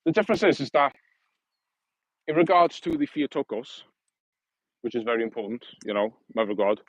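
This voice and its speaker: A man's voice: medium pitch, animated, fairly quick, dry recording, poor audio. A man hosting a casual livestream outdoors, rambling and correcting himself in a friendly, matey way. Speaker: livestream host.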